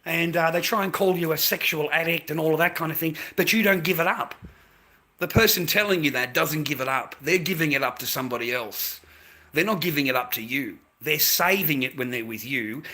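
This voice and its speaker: A man's voice: fairly high pitch, bright, forceful tone. An Australian man ranting crudely to his livestream chat, peppering his talk with mate and swearing.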